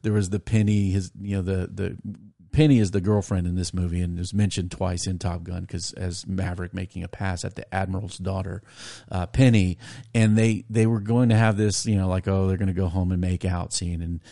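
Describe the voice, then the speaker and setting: A man's voice: low-pitched, flat delivery, moderate pace, gravelly, dark tone, no room sound, clean studio sound. A middle-aged man, chatting casually and reviewing a movie with his son, rambling and often laughing. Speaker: podcast host, father.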